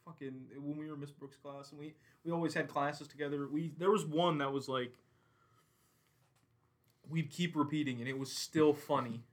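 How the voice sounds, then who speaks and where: A young man with a slightly raised voice co-hosting a casual podcast. He jokes crudely and keeps a relaxed, bantering flow. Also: fairly high pitch, normal speed. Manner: joking, laid-back, crude. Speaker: podcast co-host.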